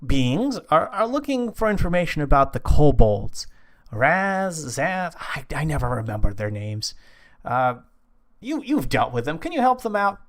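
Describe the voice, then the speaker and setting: A man playing a gruff dwarf smith, evasive, brusque, tabletop game. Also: on the high side, very animated, measured pace, voice pushed up.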